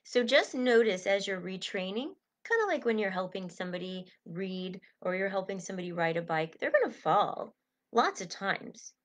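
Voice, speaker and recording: A woman's voice: mid-range voice, expressive, moderate pace. A middle-aged woman coaching a small group through relaxation. Her voice is soothing and encouraging, and it eases down whenever she guides a breath or a stretch. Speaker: coach leading a self-help group. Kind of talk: gentle guided coaching talk.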